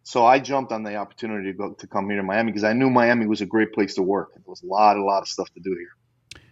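A man's voice: on the low side, fairly even intonation, fast talker. A middle-aged man, a former undercover customs agent, telling stories in a casual interview with frequent "you know" asides and laughs. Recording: slightly dull lo-fi audio.

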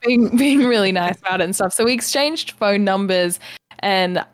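A woman's voice: mid-range voice, moderate pace. A young woman co-hosting a casual podcast, chatty, telling a story and acting out her own reactions, often laughing. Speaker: podcast co-host. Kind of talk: casual chat.

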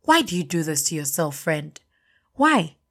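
Firm, caring female friend , as a woman puts her on, pressing her point insistently with a somewhat low voice. Storytelling read, not a big character voice. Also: big pitch swings, a little slow, heavily acted. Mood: urging. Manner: insistent, scolding.

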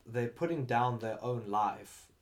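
A man's voice: medium pitch, unhurried. A young man co-hosting a podcast, chatting casually, joking and swearing freely. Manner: jokey, swears freely, slips into mock accents. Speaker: podcast co-host.

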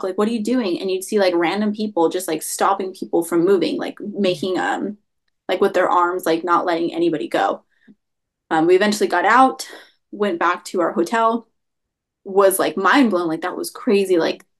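A young adult woman telling her story as an interview guest, rambling and leaning heavily on the word "like.". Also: mid-range voice. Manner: rambling, heavy use of "like" fillers. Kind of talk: casual storytelling.

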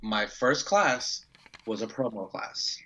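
A man's voice: lowish voice, slow pace. A man chats in an interview, telling his story with lots of life, throwing in curse words and playing out the voices of people he quotes. The sound is dull and lo-fi. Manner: animated, swears freely, acts out quotes. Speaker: professional wrestler guest. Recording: dull lo-fi audio.

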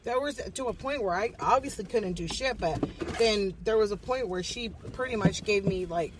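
A woman's voice: mid-range voice, normal speed, recorded from a distance, background noise. Blunt, foul-mouthed woman telling stories. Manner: blunt, heavy swearing, mixes in Spanish. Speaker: podcast guest. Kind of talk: casual, profane storytelling.

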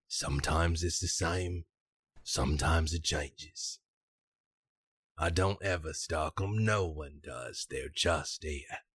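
A man voicing a sly male carnival game vendor who calls himself a scoundrel, speaking low and wry. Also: slow, fairly bright tone, breathy edge, no room sound, heavily acted. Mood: confiding.

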